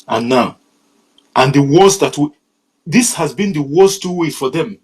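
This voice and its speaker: A man's voice: a little high, animated, unhurried, a little mellow, slightly rough, low-quality recording. A man speaking earnestly and emphatically in a live online broadcast.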